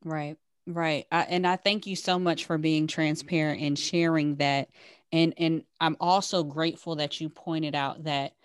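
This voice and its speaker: A woman's voice: low-pitched, steady tone, measured pace, clean tone, dry recording, studio quality. A woman hosting a podcast, speaking in an encouraging way to her guest. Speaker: podcast host. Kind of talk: interview conversation.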